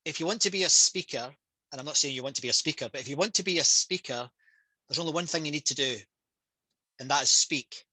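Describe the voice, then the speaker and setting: Bright, passionate Scottish man. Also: a little high, fast, slightly rough, no echo, low-quality recording. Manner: passionate, energetic storytelling. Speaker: public speaker and trainer. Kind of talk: casual talk on a video call. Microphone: headset on a video call.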